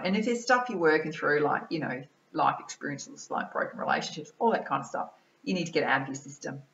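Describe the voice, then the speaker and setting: An Australian woman, a mind-body-soul balance coach, giving an energetic, chatty motivational talk to camera and tacking "right?" and "yeah?" onto her sentences. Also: deep voice, reverberant, highs cut off. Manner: energetic, chatty, keeps adding tag questions like "right?" and "yeah?".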